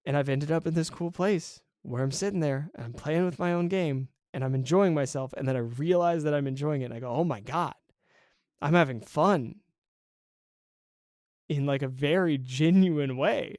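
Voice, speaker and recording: A man hosting a podcast as a hobby game developer, talking in an excited, rambling way with frequent laughs. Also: fairly high pitch, brisk, few pauses, no echo, studio quality. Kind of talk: casual solo podcast monologue.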